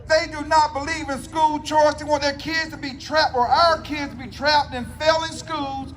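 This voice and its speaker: Man, fiery outdoor rally speech, call-and-response, loud noisy crowd behind. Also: extremely high pitch, steady tone, a little slow. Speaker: political speaker.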